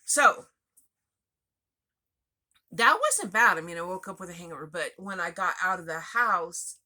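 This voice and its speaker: A woman's voice: lowish voice, expressive, a little slow, pushed and bright. A woman frankly telling a personal story in a chatty, confessional way with asides. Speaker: vlogger sharing personal recovery story.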